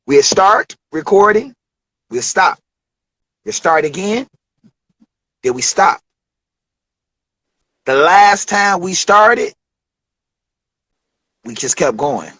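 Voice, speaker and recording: A man in his forties from Detroit, a rapper telling studio stories in a loose, profane, animated way during an interview. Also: a little high, slow pace, long pauses, no room sound, low-quality recording. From Detroit, USA. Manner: profane, animated storytelling with acted quotes. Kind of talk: casual storytelling interview.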